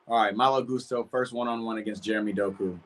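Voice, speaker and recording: A man hosting a live football watch-along from home, reacting loudly to the match and chatting with viewers. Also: fairly low pitch, fast. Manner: excitable, shouts at big chances, chatty with chat. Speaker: watch-party streamer.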